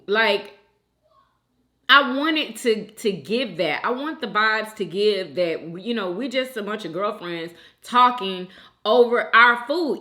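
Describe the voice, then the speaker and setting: A woman hosting a mukbang chat, reading viewer comments aloud, animated and quick to laugh and get emotional. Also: a little high. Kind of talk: casual chat.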